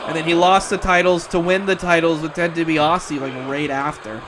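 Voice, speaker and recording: A man calling wrestling play-by-play, excitable and breaking into shouts at near-falls. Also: fairly high pitch, normal speed, background noise. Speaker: wrestling commentator. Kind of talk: play-by-play commentary.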